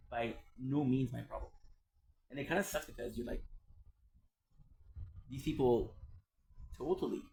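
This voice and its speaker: A man's voice: mid-range voice, creaky, a little mellow, a little hiss or hum, poor audio. A man streaming and chatting casually, rambling and repeating himself with plenty of swearing. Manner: swears freely, rambling and repetitive.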